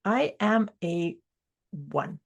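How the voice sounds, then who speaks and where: A New woman co-hosting a podcast in easy conversation. Her voice is husky and a little breathy, and she explains her points in a reflective, thoughtful manner. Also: lowish voice, animated, extremely slow, muffled recording. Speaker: podcast co-host. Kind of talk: casual chat.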